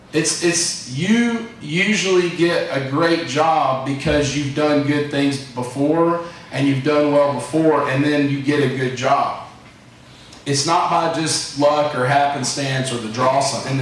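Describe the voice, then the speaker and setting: Speaking in a slightly high voice, this man rambles through a folksy motivational address to his employees as company president. A faint hiss or hum runs underneath, and the far-off mic captures a lot of room echo.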